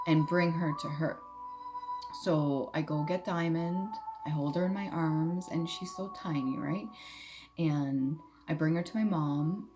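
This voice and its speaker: A young adult woman telling a personal story casually, blunt and candid, swearing freely. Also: low voice. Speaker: vlogger. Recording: music playing behind.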